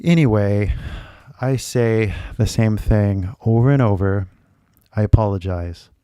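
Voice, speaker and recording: A man with a fairly low, dark, clear and resonant voice speaks at a measured pace, recorded in clean studio sound with no room sound. He's an English teacher giving a live-stream lesson with a slight American accent, talking loosely and chattily, using lots of "like" and "right?" and switching into Japanese now and then.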